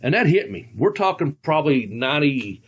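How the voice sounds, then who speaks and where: Very animated and fairly quick, a husky, slightly high-voiced podcast host in his sixties rambles through folksy stories, chuckling often as he goes.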